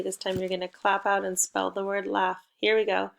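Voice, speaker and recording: Gravelly-voiced woman teaching phonics. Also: mid-range voice, completely flat delivery. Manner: spells letters out slowly and leads playful call-and-response. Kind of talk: recorded phonics lesson for young children.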